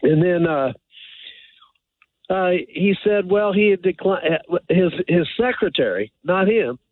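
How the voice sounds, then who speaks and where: A man's voice: high voice, lively intonation, no echo. Rambling man on a tinny phone line. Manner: rambling, halting with many fillers. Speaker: caller. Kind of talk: phone-in call.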